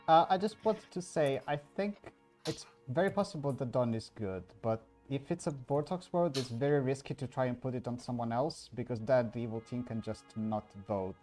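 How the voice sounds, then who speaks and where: A man's voice: medium pitch, normal speed, darkish tone, soft background music. A man in a voice-chat game, cautiously laying out his reasoning. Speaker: game player. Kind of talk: casual voice chat.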